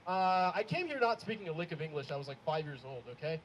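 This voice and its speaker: A young man from Ethiopia with an American accent works a stand-up set, his high voice leaping up and down as he mocks himself and swears freely. He is out on a cold open-air stage, and a laughing crowd fills the noisy outdoor recording. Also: fast talker. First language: Amharic. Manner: animated, self-mocking, loose and profane. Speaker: stand-up comedian.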